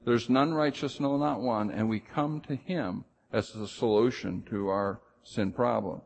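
A pastor preaching a sermon with emphasis, rising loud on key phrases and dropping low and slow to drive points home. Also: male voice, vocal fry, in a large hall, slight background noise.

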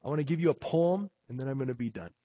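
A man preaching a sermon in a slow, emphatic way, letting his voice swell on key phrases. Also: medium pitch, dark tone, no echo. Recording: dull lo-fi recording.

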